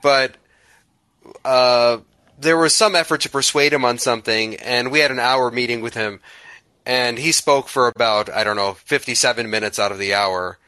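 A man's voice: medium pitch, steady tone, moderate pace, bright, forceful tone, no room sound. A man hosting an interview, telling a long story and asking a question in a hesitant, rambling way with many fillers. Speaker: podcast host.

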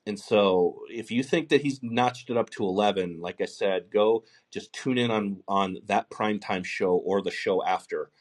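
A man's voice: lowish voice, moderate pace, few pauses. A man hosting a call-in talk show, giving blunt, profane political commentary in a rambling way with restarts. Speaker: podcast host.

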